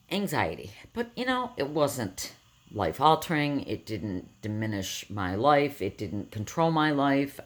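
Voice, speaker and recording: A woman in her fifties with a rough morning voice, telling a personal story to camera in a rambling, self-correcting way. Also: a bass voice. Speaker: vlogger.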